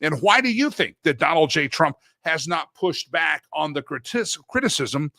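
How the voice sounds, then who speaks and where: Speaking at a normal speed, this middle-aged man hosts a talk show with an expressive, fairly high-pitched, bright and forceful voice. His casual monologue is rambling and anecdotal, full of mid-sentence self-corrections. The sound is clean studio audio with no room sound.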